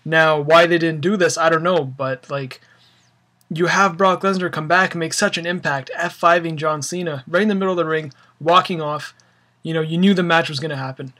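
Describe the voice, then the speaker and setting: A man's voice: on the high side, fairly even intonation, moderate pace, sharp tone. A young man ranting casually about wrestling, rambling with lots of fillers and an exasperated tone. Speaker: wrestling fan vlogger. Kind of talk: casual opinion rant.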